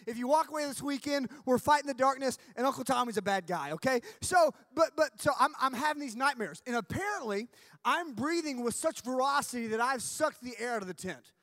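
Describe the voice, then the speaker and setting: Male youth camp speaker, high-pitched, comic storytelling sermon, dead-dry sound. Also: fairly quick, no room sound. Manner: animated, jokey storytelling with shouted punchlines.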